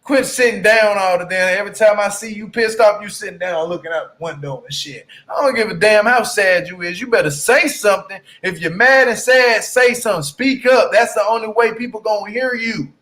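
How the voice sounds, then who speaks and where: A YouTuber who recaps reality TV rants bluntly and profanely while going over an episode in casual commentary. His voice is high, bright and forceful. He stretches out words for emphasis and keeps asking the listener, "you hear me?"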